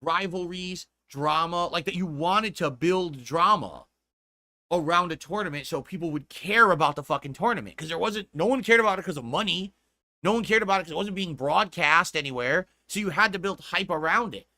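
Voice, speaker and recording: Bright, upbeat man telling old stories. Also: high voice, fairly quick, no room sound, studio quality. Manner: rambling, repeats himself, swears casually. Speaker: streamer in a played clip. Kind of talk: casual storytelling.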